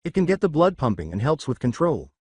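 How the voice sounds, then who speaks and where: A man's voice: a little high, big pitch swings, fairly quick, darkish tone, breathy edge, dry recording. A man voicing a cocky young male ninja hero who talks in a boastful, playful way.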